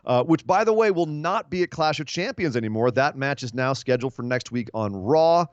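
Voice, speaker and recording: A man's voice: mid-range voice, lively intonation, brisk, clear, resonant tone, no echo. A man hosting a casual chat podcast, running through plot recaps and criticism in long opinionated stretches. The sound is dry and close, a little dull and lo-fi. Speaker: podcast host.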